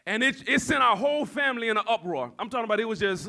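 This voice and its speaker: A male pastor preaches in full sermon mode, his very high voice bright and forceful. He's an animated, fast talker who calls on the congregation to respond and builds up into shouts.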